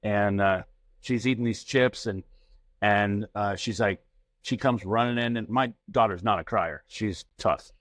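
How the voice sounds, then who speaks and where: A man's voice: fairly low pitch, unhurried, dry recording. Middle-aged man telling a home story. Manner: anecdotal, acts out family dialogue. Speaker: podcast co-host. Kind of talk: casual chat, storytelling.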